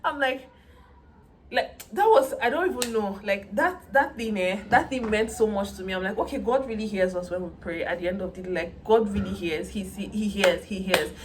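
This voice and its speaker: A young woman, telling a story in a casual vlog in an animated, dramatic way and acting out the voices of the people she quotes. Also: medium pitch, fairly quick, few pauses, a little hiss or hum.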